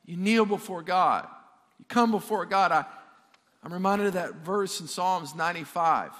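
A man's voice: high-pitched, normal speed, a bit bright. A male pastor preaching a sermon to a live congregation. He stumbles and repeats words as he builds toward each point, and he calls out questions to the room. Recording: long hall reverb.

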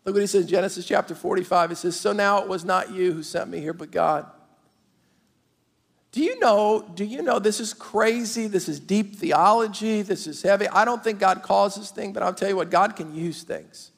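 A man preaching a sermon as the pastor, talking straight to his congregation in an animated, lively way. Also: high-pitched, moderate pace, gravelly. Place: large church auditorium. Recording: long hall reverb.

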